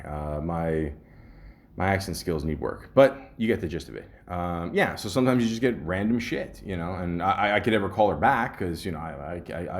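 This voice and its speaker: A Canadian man hosting a podcast, telling stories in a rambling, casual monologue with many ums and restarts. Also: low voice. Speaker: podcast host.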